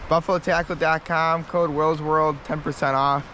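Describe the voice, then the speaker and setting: A man's voice: on the high side, normal speed, noisy background. A man hosting a casual fishing vlog outdoors by a winter river, talking plainly and matter-of-factly to his viewers. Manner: relaxed, matter-of-fact, signs off to viewers. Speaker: fishing channel host.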